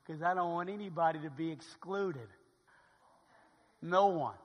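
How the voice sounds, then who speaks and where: A man preaching a sermon as pastor, moving from quiet storytelling to loud, fervent calls. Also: a little high, lively intonation, normal speed, pauses often, in a large hall.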